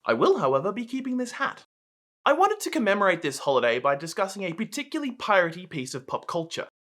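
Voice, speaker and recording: A man hosting a video, reading a scripted film essay in a clear, measured way. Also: sits high, huge pitch swings, bright, forceful tone. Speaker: video host.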